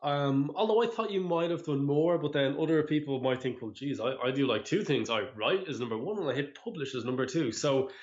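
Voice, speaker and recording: A man's voice: on the high side, fairly quick, hardly any pauses, highs cut off. A man hosting a podcast, joking around easily and asking his co-host questions. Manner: jokey, easygoing, asks questions. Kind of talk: casual podcast chat.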